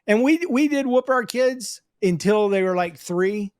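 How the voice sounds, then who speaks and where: A man hosting a podcast, chatting casually, joking deadpan, and reading out a listener's story. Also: high-pitched, measured pace, no room sound, studio quality. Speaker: podcast host.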